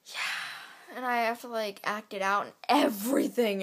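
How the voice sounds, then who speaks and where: Teen girl, casual home vlog, camera mic, chatty, lots of fillers, slow drawn-out phrasing. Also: a little high. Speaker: vlogger. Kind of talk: casual vlog, teaching basic Spanish phrases. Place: home, indoors.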